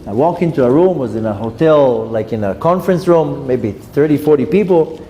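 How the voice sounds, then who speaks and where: Dark-voiced rabbi telling stories. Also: male voice, mid-range voice, normal speed. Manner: lively anecdotes, acts out dialogue. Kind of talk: storytelling Torah lecture. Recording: reverberant hall with faint noise.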